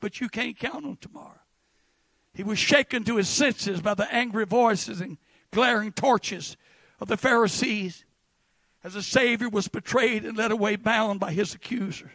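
A middle-aged man preaching a fervent Pentecostal sermon that rises to shouts. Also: high voice, normal speed, dry recording. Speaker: pastor.

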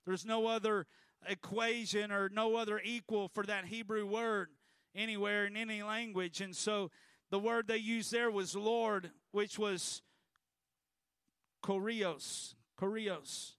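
A man's voice: high voice, fairly even intonation, slow, a bit bright, smooth, no room sound. A male pastor preaching a sermon emphatically, prompting the congregation to repeat after him.

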